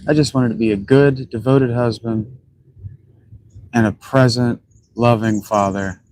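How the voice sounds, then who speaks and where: A man's voice: mid-range voice, steady tone, a little slow, a little mellow, poor audio. A man giving blunt, rambling commentary while he plays a video game. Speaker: gaming streamer. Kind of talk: casual commentary while playing.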